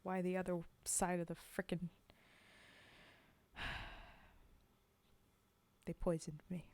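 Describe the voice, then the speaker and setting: A woman's voice: fairly low pitch, flat delivery, slow pace, long pauses, mellow. A woman streamer from North America, chatting with viewers between poems and reading them aloud, often giggling at herself. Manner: giggly, self-mocking, talks to chat. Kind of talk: casual chat and poetry reading.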